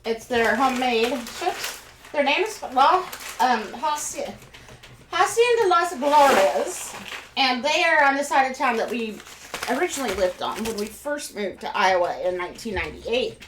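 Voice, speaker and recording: Eating as she talks, this chatty Kansas woman in her middle years rambles through a live stream from her home. She speaks at a moderate pace with lively intonation, her voice a little high, and the recording picks up room echo and faint noise behind her.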